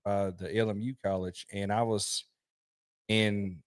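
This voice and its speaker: Unhurried and level in tone, this middle-aged man has a fairly low voice. He hosts a truck-driving podcast, chatting casually and spinning lively stories full of restarts and laughter.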